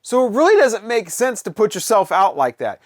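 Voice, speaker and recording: A man's voice: high voice, sing-song, normal speed, no echo, studio quality. A middle-aged man giving a casual, blunt, opinionated music review, with frequent fillers and restarts. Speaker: vinyl collector vlogger.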